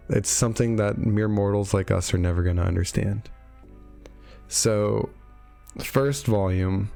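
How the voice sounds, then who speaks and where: A man's voice: fairly low pitch, gravelly, a little mellow. A man casually recapping a game story for his video, with wry, sarcastic jokes and lots of fillers. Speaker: video host reviewing game lore. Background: faint background music.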